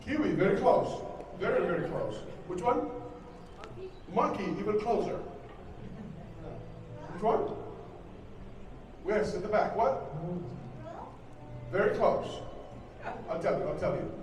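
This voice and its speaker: A man's voice: high-pitched, expressive, slow pace, pauses often, noisy background. A man from Fiji, a stage performer joking and running call-and-response with the audience. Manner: playful, joking, calling out to the crowd. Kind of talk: call-and-response crowd warm-up. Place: outdoor cultural show stage. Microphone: camera in the audience, far off. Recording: echoey, distant, with loud music.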